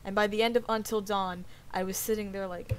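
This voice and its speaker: A woman's voice: medium pitch, fairly even intonation, fairly quick, clean tone, low-quality recording. A young woman chatting casually while she streams a game, swearing often and sometimes dropping to a whisper. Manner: swears a lot, drops to whispers. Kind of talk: casual let's-play chat.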